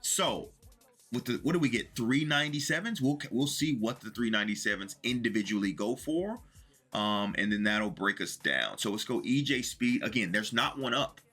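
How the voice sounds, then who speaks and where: A man casually talking viewers through a video game, chatty and working through his math out loud. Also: medium pitch, lively intonation, normal speed, soft background music. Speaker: gaming video creator. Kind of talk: casual commentary to viewers while opening packs.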